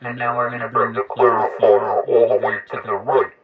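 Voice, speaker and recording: A man's voice: medium pitch, flat delivery, normal speed, narrow, tinny audio, over a noisy crowd. A man casually demonstrating a radio, talking through his settings and counting test words into the mic. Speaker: radio equipment reviewer. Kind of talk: casual demo talk.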